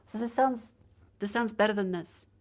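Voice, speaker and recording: A woman's voice: mid-range voice, moderate pace. A chatty woman streamer with a mid-range voice, rambling and joking between checks. She holds a handheld mic and moves it around as she talks, at home in her streaming room. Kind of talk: casual live-stream chat. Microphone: handheld mic moved around while testing.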